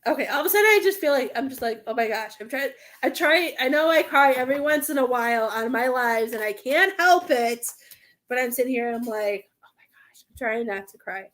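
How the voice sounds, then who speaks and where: Higher-pitched young woman doing live tarot readings, earnest and meandering, near tears at times. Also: animated, brisk, fairly bright tone. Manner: earnest, rambling, emotional, many fillers. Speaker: tarot card reader.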